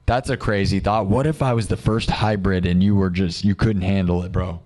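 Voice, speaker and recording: Man, young adult, lowish voice, livestream host, casual chat, rambling, jokey, rhetorical questions. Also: fairly even intonation, moderate pace, a little mellow. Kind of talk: casual livestream chat, reading viewer comments.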